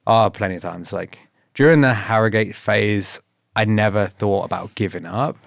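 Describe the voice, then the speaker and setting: Low-ish british guy chatting easy on a podcast, dry close mic, gets animated quoting people. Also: normal speed, vocal fry, dry recording. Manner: laid-back, laughs often, quotes others in lively bursts. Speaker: podcast guest, former paratrooper. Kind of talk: casual storytelling interview.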